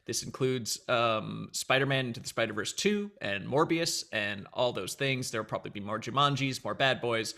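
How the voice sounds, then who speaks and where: A man's voice: mid-range voice, lively intonation, moderate pace, gravelly, few pauses, pushed and bright. A man hosting a casual entertainment news chat, joking and playful as he goes. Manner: jokey, playful asides. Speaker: host.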